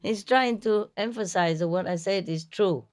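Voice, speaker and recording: A woman's voice: medium pitch, normal speed, darkish tone. A woman spiritual teacher telling fond, teasing stories in casual chat, laughing often.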